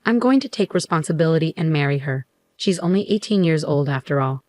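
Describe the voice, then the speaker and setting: A woman's voice: deep voice, expressive, brisk, darkish tone, no room sound. A woman voicing a blunt, matter-of-fact husband in a narrated story. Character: blunt cheating husband, adult man.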